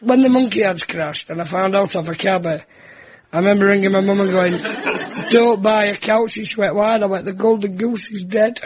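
With a high voice and a fairly quick delivery, this young man appears as a comedian guest on a talk show, spinning comic anecdotes about his family and imitating voices. Background noise is audible, and the broadcast sounds dull and lo-fi, with an audience.

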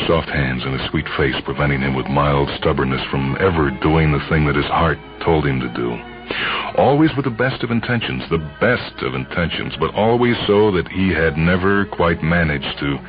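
A man narrating a dramatic story in a measured, brooding way, heard on an old, dull radio recording. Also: very deep voice.

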